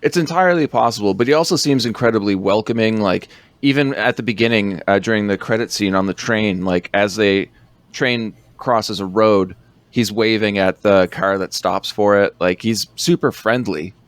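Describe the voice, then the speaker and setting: Podcast co-host, male, low pitch, dry close sound, relaxed and hesitant in film talk. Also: normal speed, no room sound. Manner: laid-back, hesitant with fillers, quotes lines in a low growl. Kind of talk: casual film review chat.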